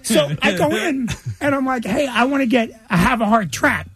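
A man's voice: very high-pitched, lively intonation, normal speed, fairly bright tone, husky, dry recording. A man, telling a funny story as a guest. He talks animatedly, laughs between lines and puts on the voices of the people in his story. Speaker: comedian guest. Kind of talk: comic storytelling.

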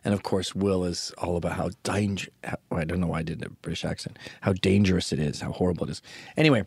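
A man's voice: sits low, fairly even intonation, fast, vocal fry, darkish tone, husky, no echo, clean studio sound. A man hosting a podcast, talking alone in a sarcastic, crude, rambling way. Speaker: podcast host. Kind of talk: casual podcast monologue.

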